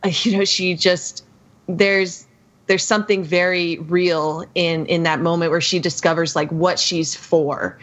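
A woman's voice: lowish voice, fairly even intonation, a little slow. A woman on a podcast as a guest, talking about a film in a giggly, heartfelt way with many restarts. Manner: warm-hearted, giggly, with frequent restarts and fillers. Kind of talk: casual film discussion.

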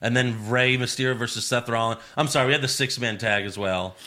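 A man's voice: medium pitch, fairly even intonation, fairly quick, bright, forceful tone. A man hosting a casual podcast chat, with a loose, sarcastic manner and a lot of swearing. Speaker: podcast host.

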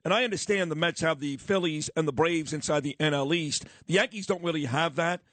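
A man's voice: fairly high pitch, fairly bright tone, no room sound. A middle-aged man hosting a radio talk show, bantering and arguing with teasing comebacks from a studio microphone. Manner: argumentative, teasing, quick comebacks.

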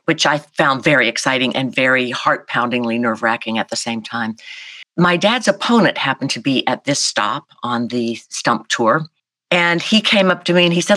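A woman, telling a personal story as an interview guest in a lively, animated way. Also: very deep voice, normal speed, dry recording. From South Carolina, US. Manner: animated, vivid storyteller acting out voices. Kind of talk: storytelling in a conversation.

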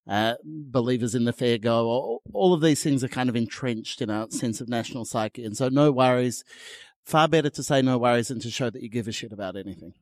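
A man's voice: mid-range voice, brisk, darkish tone, no room sound. A man answers with dry, sardonic wit as a panel guest. His voice sits in a middle range, and the recording is close and dry. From Australia.

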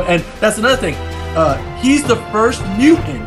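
A man's voice: sits high, lively intonation, normal speed, gravelly, music in the background. A man casually retelling a comic book plot, rambling and swearing freely with lots of filler. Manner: rambling and profane, heavy use of filler phrases and slang.

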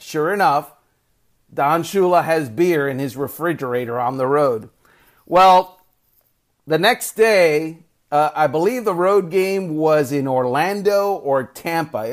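A man, a sports reporter, telling a story in a casual podcast manner and acting out the people he quotes. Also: fairly high pitch. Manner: animated anecdote-telling, acts out quoted voices.

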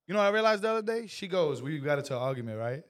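Blunt New man, slightly higher voice, swearing podcast co-host. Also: big pitch swings, rapid-fire. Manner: blunt, emphatic, swears freely. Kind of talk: casual chat.

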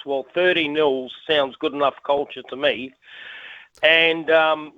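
Fired-up male caller, somewhat high voice, phone-line sound. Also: steady tone, measured pace. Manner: passionate, emphatic. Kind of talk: phone-in call.

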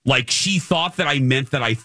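A man's voice: mid-range voice, normal speed, sharp tone, dry recording, clean studio sound. A man hosting a radio show, telling a self-mocking story and acting out quotes. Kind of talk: casual storytelling chat.

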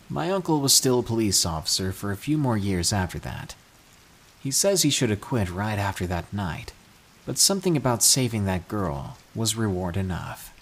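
A man reading true scary stories aloud, with an expressive storytelling delivery. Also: fairly low pitch, breathy edge. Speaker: narrator.

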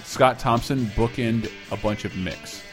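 A man's voice: medium pitch, unhurried, soft background music. A man hosting a casual trivia game among friends, playful and telling anecdotes. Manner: animated, playful, storytelling. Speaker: trivia quizmaster.

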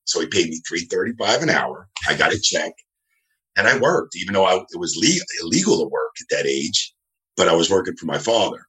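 A middle-aged man from New Jersey, a guest telling animated, rambling stories in a casual interview. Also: low-pitched, a little fast, rough recording. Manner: rambling, animated, acts out quoted dialogue.

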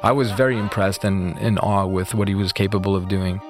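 Low-voiced man telling his story casually. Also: fairly even intonation, fairly quick, music in the background. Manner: conversational, many fillers like "like" and "you know". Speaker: interview guest recounting his past.

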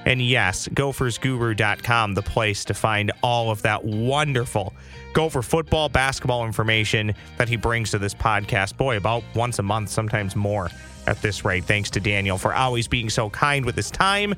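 A man hosting a casual sports podcast, joking around and swooping up in pitch. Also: moderate pace, faint music behind. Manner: jokey, animated, swoops up in pitch. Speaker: podcast host.

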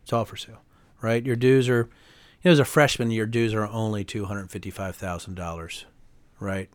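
A man, a former congressman, speaking as a guest in a candid political interview, fast and emphatic, often heated, tagging his points with "right?". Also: lowish voice, steady tone, dry recording. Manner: fast, emphatic and heated, many tag questions.

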